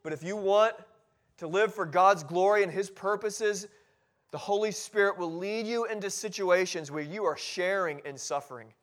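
A man's voice: high-pitched, normal speed, a bit bright. A male pastor preaching a sermon in a church, driving points home with short, repeated exhortations. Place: church sanctuary.

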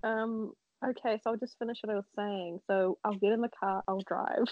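A young woman in casual conversation, laughing often and swearing freely as she teases her friend. Her voice sits at a middle pitch, recorded dry and a little dull, like a lo-fi setup in a small room. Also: fairly even intonation, normal speed, a little mellow, no room sound. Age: young adult. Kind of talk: casual chat.

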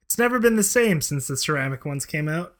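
A man's voice: fairly high pitch, animated, a little fast, a bit bright. A man co-hosting a podcast, reacting with laughs and dry jokes in casual chat. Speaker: podcast co-host.

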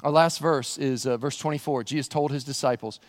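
A man preaching a sermon as pastor, animated and acting out characters' voices. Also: mid-range voice, a little fast. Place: church sanctuary. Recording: long reverb of a large church hall.

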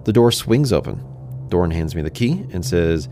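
A man's voice: low-pitched, expressive, normal speed, dark tone, faint music behind. A man narrating a first-person fantasy story in a conversational way, speaking to the listener directly.

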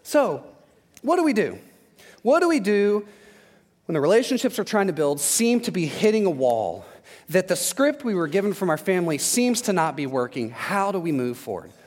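A man's voice: sits high, sing-song, normal speed, darkish tone. A man preaching a sermon, telling candid stories about his own marriage with humor. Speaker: pastor. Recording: long hall reverb.

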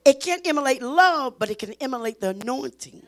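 A woman teaching a Bible study in an emphatic preaching style, repeating phrases and pushing her voice toward a shout. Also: high-pitched, expressive, brisk.

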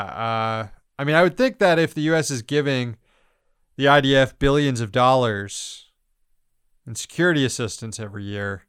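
A male podcast host with a smooth, clear voice who runs through news items in blunt, sarcastic commentary. He laughs often and swears freely. The sound is dry and close. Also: medium pitch, a bit bright, no room sound.

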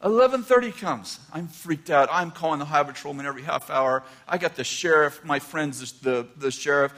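An older man preaching a sermon, telling a personal story with animated swings from hushed asides to near shouts. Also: a little high, fairly quick. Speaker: pastor.

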